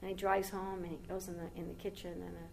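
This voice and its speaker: Woman, spiritual teacher, devotional talk, rambling conversational storytelling, gravelly voice, faint background rumble. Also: level tone, quick pace, rough recording.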